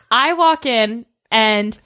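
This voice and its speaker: A woman's voice: on the high side, animated, drawn-out words, background noise. A woman hosting a casual chat podcast, giggling and poking fun at herself. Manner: giggly, self-mocking. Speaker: podcast host.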